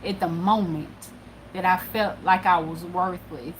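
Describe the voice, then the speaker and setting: A woman telling a personal story casually, profane and animated, dropping low then getting loud. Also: measured pace, slight background noise. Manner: animated and profane, swinging between hushed and loud. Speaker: spiritual channel host.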